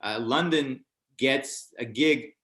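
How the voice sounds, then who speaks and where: A man's voice: mid-range voice, slow, a bit bright, reverberant. An older man, a stand-up comedian, telling a show-business anecdote in a casual interview and acting out other people's lines in a raised voice.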